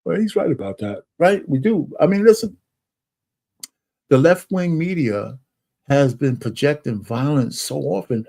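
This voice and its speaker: Gravelly man rambling over news clips. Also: on the high side, very animated, unhurried, warm tone. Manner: rambling, many fillers and restarts. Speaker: streamer reacting to news clips. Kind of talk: casual commentary.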